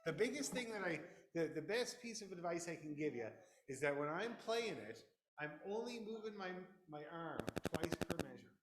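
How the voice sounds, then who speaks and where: A man leading a fiddle orchestra rehearsal, counting the players in loudly, singing rhythms aloud and joking as he teaches. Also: fairly high pitch, expressive, moderate pace. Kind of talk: rehearsal instruction. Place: rehearsal room with fiddles playing. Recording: echoey room, loud fiddles behind.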